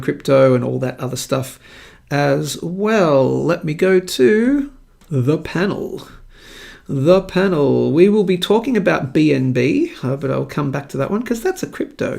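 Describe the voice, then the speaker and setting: Upbeat Australian man with gravelly voice. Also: on the high side, a little mellow. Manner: upbeat, chatty, jokey. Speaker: host of a live market show. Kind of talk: casual live-stream commentary.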